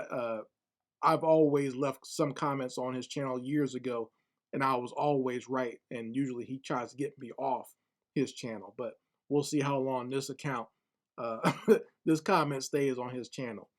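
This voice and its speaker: A man's voice: mid-range voice, fairly even intonation, moderate pace. A man giving casual spoken commentary online, blunt and scornful, often repeating words as he gathers his thoughts.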